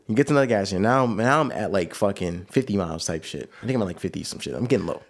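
A man's voice: sits low, rapid-fire. A young man co-hosting a casual podcast, telling a rambling story with lots of slang and repeated phrases. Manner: animated, slangy, repeats himself. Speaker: podcast co-host.

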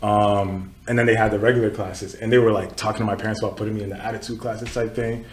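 A fast-talking podcast host with a fairly low pitch tells casual stories stuffed with filler words. He's in his twenties and was born in Nigeria, and the echoey recording carries a slight hiss or hum.

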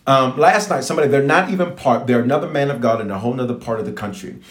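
Speaking very fast in a roomy-sounding space, a mid-range male bishop delivers a live-streamed sermon and prayer. His preaching is animated, he repeats phrases for emphasis, and he talks directly to viewers watching online.

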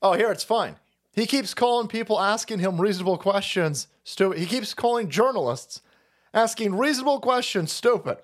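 A man's voice: sits high, expressive, moderate pace. A man ranting on his stream in political commentary, profane and mocking, swearing freely. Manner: profane, mocking, mimics opponents in silly voices. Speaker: streamer host.

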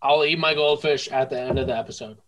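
A young man co-hosting a casual podcast, tipsy and playful, slipping into mock-infomercial pitches. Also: fast, fairly bright tone. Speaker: podcast co-host. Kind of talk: casual drunk podcast banter.

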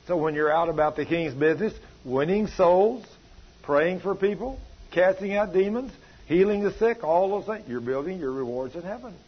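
A man's voice: high-pitched, animated, moderate pace, slightly rough, highs cut off. A man preaching a sermon, folksy and plainspoken, his delivery swelling and dropping. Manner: folksy, rising and falling preaching cadence.

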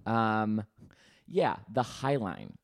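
A man's voice: fairly low pitch, big pitch swings, very slow, creaky, dry recording, clean studio sound. A man co-hosting a podcast, telling a rambling story in casual chat full of fillers. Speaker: podcast co-host.

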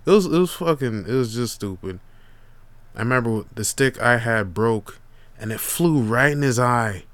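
In a medium-pitched voice at a moderate pace, a young podcast host delivers a casual storytelling monologue on a dry recording, animated and profane and loaded with relaxed slang.

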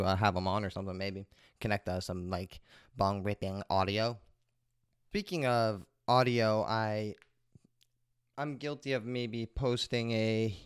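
A man's voice: on the low side, clean tone, dry recording. A man hosting a podcast, telling a rambling, profane story in a laid-back way into a close microphone. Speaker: podcast host. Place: at home, smoking while recording. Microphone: close desk microphone.

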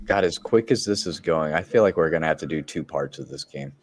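A man's voice: extremely low pitch, a little fast, faint music behind. A man co-hosting a casual gaming podcast, rambling and laid-back with plenty of swearing. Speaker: podcast co-host.

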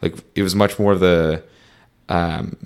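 Deep-voiced young man telling a rambling story. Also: steady tone, measured pace. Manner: rambling, fillers like "like" and "um", reenacts dialogue. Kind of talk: casual conversational storytelling.

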